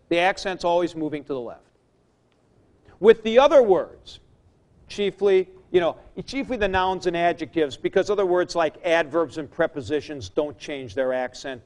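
A man teaching a class, explaining slowly with fillers and "okay?" checks to the students. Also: fairly high pitch. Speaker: Greek teacher. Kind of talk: classroom lecture.

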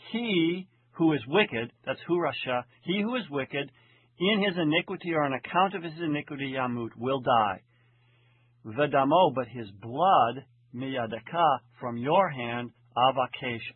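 A man teaching a lecture, translating a text verse by verse in a deliberate, methodical way and slowing down to read the original lines. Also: breathy edge, dry recording. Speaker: Hebrew Bible teacher. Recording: tinny phone-like low-fidelity audio.

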